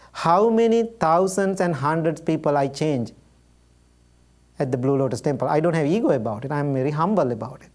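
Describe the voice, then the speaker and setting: Mellow-voiced monk giving a lively talk. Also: male voice, fairly high pitch. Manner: lively storyteller who acts out dialogue, simple direct phrasing; chuckles often while speaking. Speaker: Buddhist monk and teacher. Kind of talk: dharma talk with personal anecdotes.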